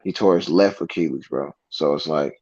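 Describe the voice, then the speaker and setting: A man's voice: extremely low pitch, moderate pace, a little mellow, breathy edge, dry recording, lo-fi sound. A man talking casual sports as a co-host, laid-back and full of slang. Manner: laid-back slang, says bro a lot.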